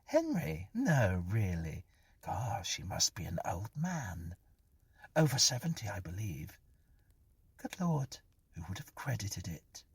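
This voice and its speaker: A woman's voice: rumbling low, wildly swooping pitch, takes it slowly, breathy edge, dry recording, exaggerated voice. A man voicing a sly, mocking dead young woman in a spoken ghost story, raised well above his own voice. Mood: gossipy. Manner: teasing, scornful, mischievous.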